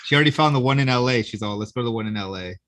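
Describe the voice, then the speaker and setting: A man's voice: mid-range voice, rapid-fire, a bit bright, no room sound. A man co-hosting a podcast in casual chat, teasing his friends with a laugh and acting out quotes. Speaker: podcast co-host.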